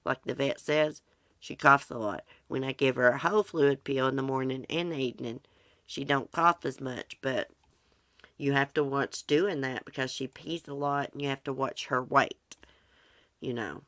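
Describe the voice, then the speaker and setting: A woman's voice: rumbling low, normal speed, a bit bright, no room sound, clean studio sound. A woman with an American country accent, hosting a livestream and chatting casually with viewers, rambling in a folksy way. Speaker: livestream host. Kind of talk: casual livestream chat answering viewer comments.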